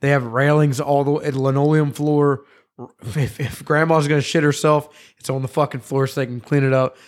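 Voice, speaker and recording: A man's voice: medium pitch, fairly even intonation, moderate pace. Joking, foul-mouthed male podcast host. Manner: joking, swears freely. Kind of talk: casual chat.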